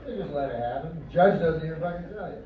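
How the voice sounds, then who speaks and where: A man doing a stand-up comedy set on a club stage, talking in a deadpan, rambling way with mock-earnest quoted voices. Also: fairly high pitch, fast, distant mic. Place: comedy club stage before a live audience. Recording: roomy, muffled club recording from afar. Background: audience laughter and crowd noise.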